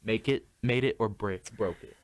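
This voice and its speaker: A young man hosting a casual music podcast, talking in a relaxed, hesitant way with frequent restarts. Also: on the low side, moderate pace. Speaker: podcast host. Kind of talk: casual chat.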